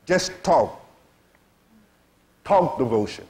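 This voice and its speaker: A spiritual teacher delivers a sermon to a seated audience, his medium-pitched, mellow voice very animated though he takes it slowly. He talks frankly in everyday vernacular and keeps asking "you see?"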